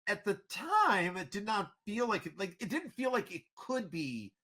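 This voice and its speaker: A man hosting a casual podcast chat, talking in an animated, rambling way with frequent restarts. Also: sits high, normal speed. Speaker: podcast host.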